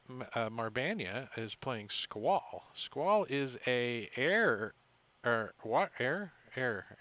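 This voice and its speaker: A man running a tabletop game as game master, recapping the session in a halting way with many fillers and self-corrections. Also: medium pitch, bright, forceful tone, lo-fi sound.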